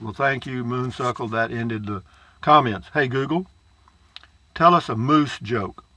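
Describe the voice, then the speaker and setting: Older man, folksy vlogger, repeats himself, crisp bright tone, dry close sound. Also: medium pitch, a little slow, dry recording. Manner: folksy, repetitive, gives life advice. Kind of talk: casual folksy vlog talk. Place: campground at a lakeside state park.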